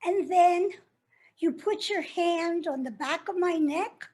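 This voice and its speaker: A woman playing a bitter, wounded jilted lover, very high-pitched. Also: slow, a little mellow. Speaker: actor performing a monologue. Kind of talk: stage monologue.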